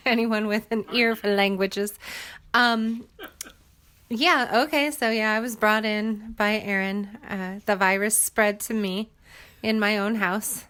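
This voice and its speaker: A woman talking casually on a podcast, chatty and quick to laugh. She often jokes at her own expense. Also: medium pitch, fairly even intonation, a bit bright. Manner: chatty and giggly, self-deprecating. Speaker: podcast cast member. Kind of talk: casual chat.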